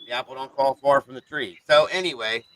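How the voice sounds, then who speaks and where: A man's voice: medium pitch, a little fast, sharp tone, a little hiss or hum, poor audio. A man hosting a live stream, ranting in an irritated, profane, rambling way to his viewers. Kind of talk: casual live-stream rant.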